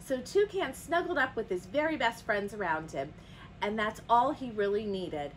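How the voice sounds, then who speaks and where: A woman's voice: fairly high pitch, moderate pace, a little hiss or hum, poor audio. A woman librarian reading a picture book aloud to children and asking them questions. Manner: animated, asks the kids questions.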